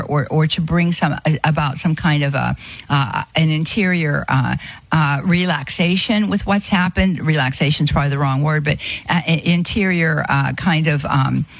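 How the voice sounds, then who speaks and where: A man giving an earnest Christian talk on inner healing, halting often with fillers and restarts. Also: fairly high pitch, creaky, a bit bright, dry recording. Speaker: Christian speaker.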